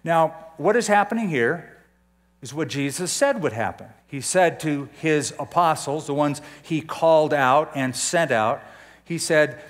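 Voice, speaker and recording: A man's voice: on the high side, animated, measured pace. An older man preaching a conversational sermon as a pastor, often putting questions to his listeners.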